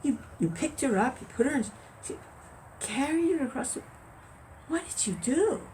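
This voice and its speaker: An indignant monk squawks his disbelief in sharp, climbing bursts, as a woman puts him on. He sounds scandalized and won't let it go, his voice shooting up high. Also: lively intonation, normal speed, slight background noise. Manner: high, incredulous outbursts.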